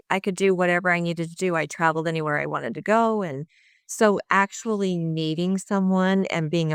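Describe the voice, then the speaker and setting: A middle-aged woman telling her recovery story in an interview, earnest and lively, acting out her own past thoughts. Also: low voice, smooth, dry recording, studio quality. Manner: earnest, lively retelling with quoted inner thoughts.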